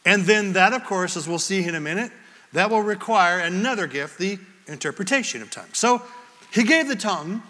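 A man preaching a sermon, his high voice sounding bright and ringing as he tells a lively story and breaks into scripture verses. A long echo trails every phrase, as in a big hall. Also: brisk, a little hiss or hum. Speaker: pastor.

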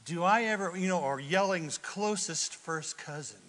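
Male pastor, high voice, folksy animated preaching, long hall reverb. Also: moderate pace, hardly any pauses. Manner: folksy, animated preaching with sudden loud bursts. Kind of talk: sermon.

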